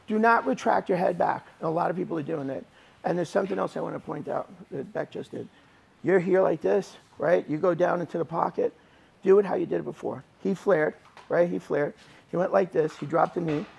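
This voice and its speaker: A man's voice: a little high, vocal fry, a little mellow, slightly rough. A middle-aged man teaching jiu-jitsu technique in a gym, talking loosely and checking in with "right?" and "okay?" as he acts out what his opponent is thinking. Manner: loose, conversational coaching with lots of "right?" and "okay?"; acts out opponents' and his own inner thoughts in quick asides. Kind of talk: mat-side technique lesson. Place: training gym mat room.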